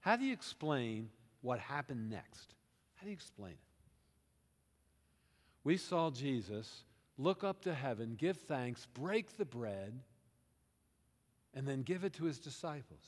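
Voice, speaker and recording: Male pastor, sermon, storytelling delivery, lively pitch, long church reverb. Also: measured pace, pauses often. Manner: animated storytelling, first-person plural, questions to the congregation. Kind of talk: sermon, vivid retelling. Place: church sanctuary. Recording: reverberant hall.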